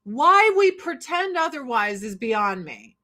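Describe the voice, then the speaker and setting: A woman's voice: high voice, sing-song, takes it slowly, bright, forceful tone. An American woman in her forties talking casually while getting ready, brash and profane, laughing often. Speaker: vlogger. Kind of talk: casual get-ready-with-me chat.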